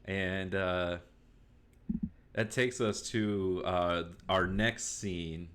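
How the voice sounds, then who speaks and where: A man narrating as game master in a tabletop game, casual and halting with many fillers. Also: low-pitched, fairly even intonation, a bit bright, slight background noise.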